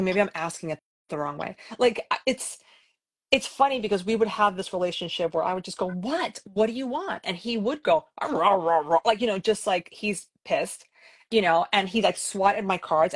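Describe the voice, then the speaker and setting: A woman's voice: mid-range voice, a little fast. A woman from New York City, a podcast co-host, telling stories casually and animatedly, often acting out what she said at the time. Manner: animated, acts out her own past remarks, frequent "like". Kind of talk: casual conversational storytelling.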